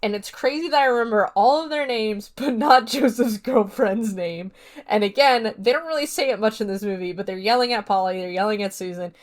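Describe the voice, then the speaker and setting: A woman's voice: mid-range voice, fast, hardly any pauses. A woman hosting a casual solo podcast, chatting through a horror film review in a rambling way with lots of fillers. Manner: retells scenes by acting out quotes.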